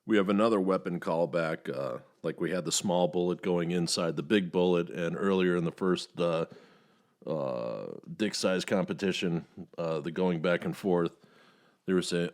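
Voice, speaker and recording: A man's voice: moderate pace, a little mellow. A man hosting a podcast, recapping a movie in a casual, rambling way, with many fillers and some swearing. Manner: rambling, many "uh" fillers, profane, acts out quotes in higher voices. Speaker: podcast host reviewing a movie.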